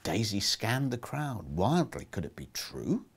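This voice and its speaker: A man reading aloud from his own novel with expression, lifting his pitch sharply for the characters' lines. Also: big pitch swings, measured pace, husky. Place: historic underground rooms.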